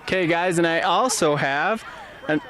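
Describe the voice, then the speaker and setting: A school principal interviewing young race winners outdoors in the snow, upbeat and gentle. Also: medium pitch, normal speed. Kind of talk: post-race interview with children.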